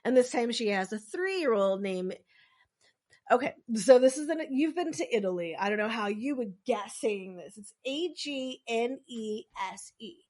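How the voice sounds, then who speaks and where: Talkative woman co-host, slightly high, loose filler-heavy storytelling. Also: lively intonation, measured pace, darkish tone. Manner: rambling, lots of "like" fillers, acts out quotes. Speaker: podcast co-host telling a true story. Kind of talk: casual storytelling chat.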